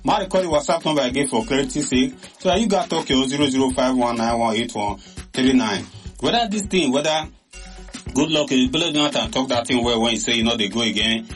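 A man with a Nigerian Pidgin accent, hosting a show and giving animated, casual commentary full of exclamations. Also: mid-range voice, a little fast, faint music behind. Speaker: radio or online show host.

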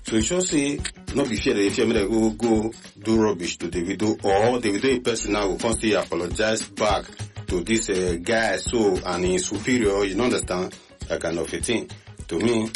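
Animated Nigerian man hosting a radio show. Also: on the low side, normal speed, faint music behind. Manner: animated, repetitive, mixes pidgin with English. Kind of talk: call-in radio gist chat.

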